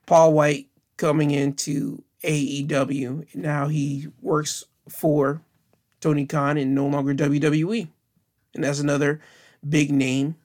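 A young man talks through the end of his solo podcast in a casual, rambling way. His voice sits a little high for a man, and he often stops and restarts his sentences. He keeps sounding earnest and encouraging as he thanks his listeners. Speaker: podcast host.

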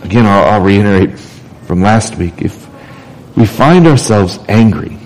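A man's voice: on the low side, lively intonation, a little slow, a little mellow, low-quality recording. Conversational man preaching a sermon. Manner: conversational preaching, frequent restarts and repeated words. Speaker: pastor.

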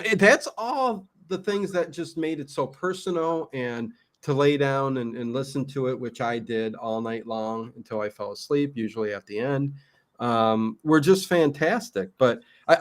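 A man hosting a casual talk show, telling a story animatedly with many fillers. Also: mid-range voice. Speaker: podcast host. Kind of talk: casual chat.

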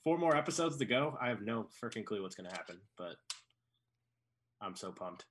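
An eager man co-hosts a podcast and chats casually about a TV show. His voice is fairly low and full of enthusiasm. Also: sing-song, fairly quick, a little hiss or hum. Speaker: podcast co-host.

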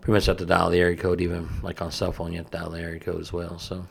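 Man in his fifties, very deep, gravelly, rambling folksy storyteller, casual chat. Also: monotone, very fast. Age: 50s. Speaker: co-host, father of the host.

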